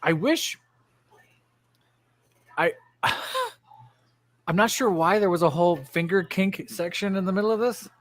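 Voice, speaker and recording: A young man co-hosting a casual wrestling podcast over a remote stream. He talks in an animated way, laughs often and drops into goofy voices for quotes. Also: high-pitched, slow pace, pauses often. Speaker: podcast co-host. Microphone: remote stream mic.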